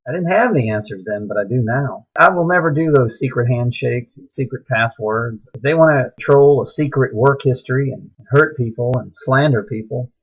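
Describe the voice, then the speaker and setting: A man's voice: mid-range voice, fairly quick, few pauses, breathy edge, highs cut off. A middle-aged man delivering an impassioned, preachy monologue that rises into agitated outbursts. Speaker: speaker sharing religious views.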